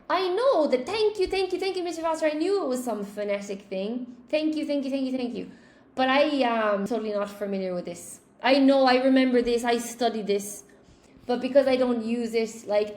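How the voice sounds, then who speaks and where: A woman English teacher runs a live-stream lesson, reading and answering the chat, thinking aloud and thanking viewers by name. Her voice sits a little high and sounds a little mellow. The room gives the audio a roomy echo.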